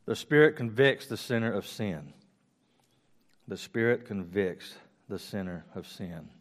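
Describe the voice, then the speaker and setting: A man teaching a Bible study, reading scripture aloud and then going back over it slowly with restarts and casual asides, recorded on a close microphone. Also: fairly low pitch, lively intonation.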